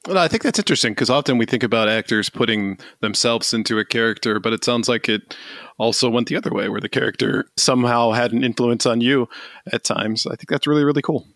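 A man's voice: mid-range voice, fast talker, fairly bright tone, dry recording, clean studio sound. A man hosting a podcast interview, asking questions and affirming the guest's answers. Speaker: podcast host.

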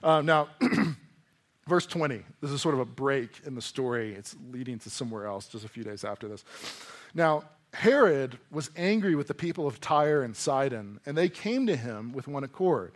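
Guy preaching to a church crowd, chatty and lively, jumps into little acted voices, gets loud then drops real quiet. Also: mid-range voice, moderate pace. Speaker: pastor. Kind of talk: sermon. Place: church hall before a congregation.

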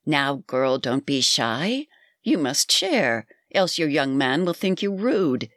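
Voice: medium pitch, animated, unhurried, fairly bright tone, dry recording, clean studio sound. A storyteller voicing a scheming, harsh old crone who hisses and wheedles in a storybook reading. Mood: sly. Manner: hissing, wheedling.

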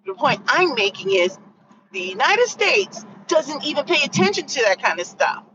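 A woman hosting a casual livestream, talking in an animated, rambling way and correcting herself mid-thought. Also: high-pitched, normal speed, highs cut off, noisy background. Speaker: host.

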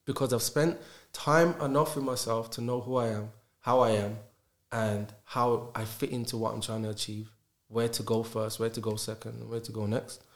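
A man, a podcast guest talking in animated casual conversation and stacking rhetorical questions. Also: medium pitch, moderate pace. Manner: emphatic, rhetorical questions, acts out dialogues.

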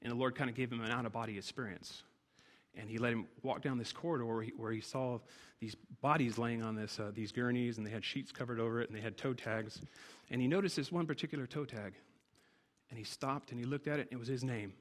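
A man's voice: mid-range voice, fairly even intonation, quick pace, big-room sound. A man preaching a sermon to his church, driving points home with emphatic repeated phrases.

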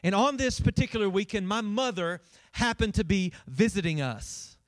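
Man, pastor, playful sermon storyteller, high voice, dry close sound. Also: expressive, moderate pace, no echo. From Kentucky. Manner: storytelling, playful, calls out to the congregation.

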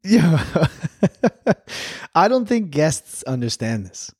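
A man's voice: fairly high pitch, drawn-out words, breathy edge, no room sound. Storytelling man, dry close sound. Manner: storytelling, animated, laughs often. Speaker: podcast co-host. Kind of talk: casual chat.

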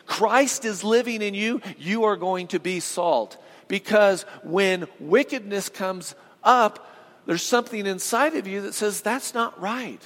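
A male pastor preaches a sermon in a high, slightly bright voice at a somewhat slow pace, repeating phrases emphatically. He calls on his congregation to answer him, and the large hall adds a long reverb.

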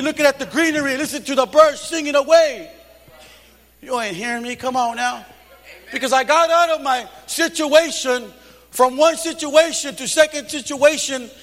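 A man preaching a fervent Pentecostal sermon, giving testimony and shouting rebukes and calls to the congregation. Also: very high-pitched. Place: church hall. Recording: long hall reverb.

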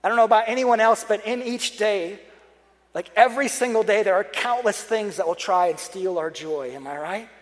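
A man's voice: high-pitched, normal speed. A young adult man preaching a sermon, chatty and joking, turning earnest and pleading when he prays. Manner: conversational, joking asides, earnest prayer passages. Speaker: pastor. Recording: long hall reverb.

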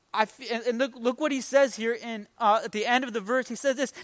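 A man's voice: extremely high pitch, fairly even intonation, moderate pace, a bit bright, no room sound. A man preaching an emotional, conversational sermon, rising with emphasis. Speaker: pastor.

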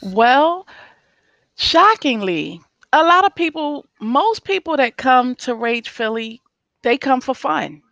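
Animated, laughing middle-aged woman. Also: high-pitched, slow, gravelly, no room sound, lo-fi sound. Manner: animated, laughing, acts out customers' voices. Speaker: rage room owner. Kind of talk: interview guest.

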